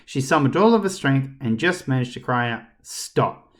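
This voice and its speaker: A man reading a children's book aloud as a storyteller, expressive and talking straight to the reader. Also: mid-range voice, brisk. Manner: expressive, addresses the reader directly.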